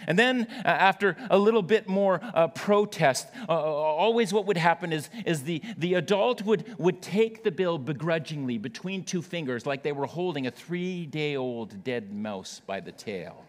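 A man's voice: fairly high pitch, lively intonation, normal speed, hardly any pauses, big-room sound. A male pastor preaching a sermon to his church, telling a story with playful asides to the congregation.

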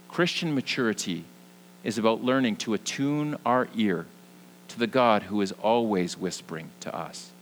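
A young man preaching a sermon as pastor, earnest, moving between lively emphasis and hushed, soft passages. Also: lowish voice, slight background noise, poor audio.

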